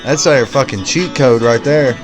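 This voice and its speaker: A man's voice: mid-range voice, normal speed, music in the background. A man hosting a podcast, reacting to videos in a blunt, mocking, profane way. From American South. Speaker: podcast host. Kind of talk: casual reaction commentary.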